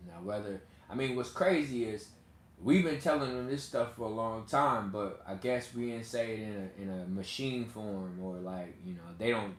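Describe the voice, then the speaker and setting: A man's voice: on the low side, moderate pace. Man, channel host, rambling casual talk, echoey room, faint background hiss. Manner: loose, rambling, laughs often. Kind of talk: casual commentary to viewers.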